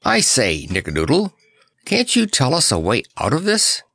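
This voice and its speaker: A man's voice: medium pitch, wildly swooping pitch, moderate pace, creaky, a bit bright, no echo, clean studio sound, pitched above the performer's own voice, full character voice. A man voicing an earnest, nervous clown who speaks in a rueful, pleading way. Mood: anxious.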